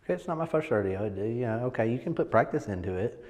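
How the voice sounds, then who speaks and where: In a big-sounding room, a man coaches a group on presenting, his voice on the low side, darkish, fast, and lively in intonation. He teaches casually but emphatically, repeating words and constantly checking in with "right?"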